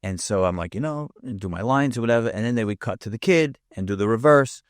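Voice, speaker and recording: Low-voiced man telling stories. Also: lively intonation, fast talker, no room sound, studio quality. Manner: vivid anecdote teller, profane. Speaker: guest. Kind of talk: casual storytelling.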